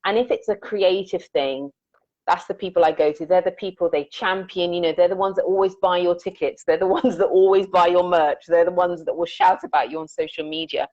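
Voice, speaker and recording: This interviewed musician talks about her music with earnest reflection, telling stories conversationally and performing the lines she quotes. Her fairly low, darkish voice runs a little fast with fairly even intonation, and the dull, dry audio has no room sound, like a remote call.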